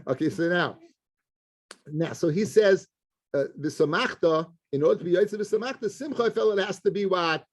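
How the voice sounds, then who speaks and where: A rabbi teaching a Talmud class in a slightly higher voice than most men. He asks questions and then answers them himself. He moves easily between English and Hebrew and Aramaic terms, with listeners present in the room. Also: moderate pace.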